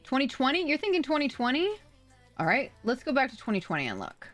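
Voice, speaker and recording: Young adult woman, streamer, excitable chat, fairly high voice, faint music behind. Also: fast. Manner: excitable, swearing, laughing, reading out donations. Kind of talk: live-stream chat with viewers.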